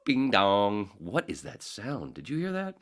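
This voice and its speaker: A man in his forties hosting a podcast, rambling casually with profane jokes and quick impressions. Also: medium pitch, wildly swooping pitch, slightly rough. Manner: profane, jokey, slips into impressions. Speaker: podcast host.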